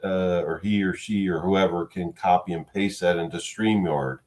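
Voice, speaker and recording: A man's voice: deep voice, moderate pace, background noise. A man joining a livestream as a guest in casual chat, joking and swearing freely.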